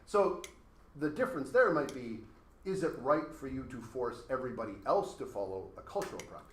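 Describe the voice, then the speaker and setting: A man's voice: medium pitch, big pitch swings, fairly quick, a bit bright. A man teaching a class, talking casually and working through hypothetical examples. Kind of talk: classroom lecture. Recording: echoey classroom with faint noise.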